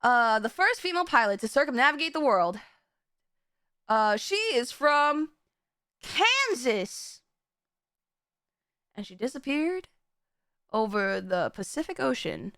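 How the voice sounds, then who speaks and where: Bright, lively-voiced woman streamer. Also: fairly high pitch, slow pace, pauses often, dry recording, clean studio sound. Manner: rambling, stumbling over restarts, giggly. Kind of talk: casual live-stream chat.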